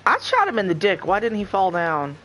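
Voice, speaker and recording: An excitable man streams a co-op shooter, laughing and cursing as he plays. His voice sits a little high and leaps around in pitch. Faint noise hums underneath. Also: fairly quick. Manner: excitable, laughs a lot, swears freely. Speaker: gameplay streamer. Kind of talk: casual co-op gameplay chat.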